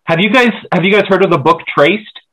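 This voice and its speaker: A man on a podcast panel, talking eagerly but haltingly, with many fillers and restarts. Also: high-pitched, a bit bright, rough recording. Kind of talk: casual group chat.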